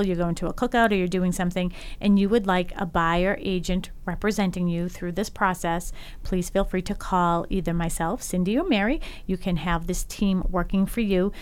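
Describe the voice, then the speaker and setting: A woman's voice: lowish voice, normal speed, few pauses, smooth. A woman hosting a radio talk show, chatting in an upbeat, casual way with frequent ums.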